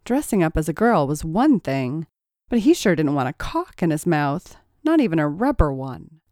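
A woman reading a story aloud in a measured, expressive narration. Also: deep voice, no room sound, studio quality. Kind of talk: audiobook narration.

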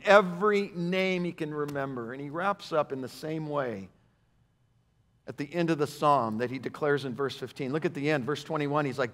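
A male pastor preaching a sermon, animated and repetitive for emphasis, swinging between loud declarations and hushed passages. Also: fairly high pitch, moderate pace. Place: church sanctuary. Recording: sanctuary with long reverb.

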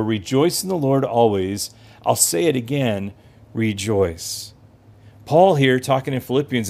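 A man's voice: mid-range voice, gravelly, a little mellow. A man giving an earnest, encouraging podcast sermon as pastor and host, repeating phrases for emphasis.

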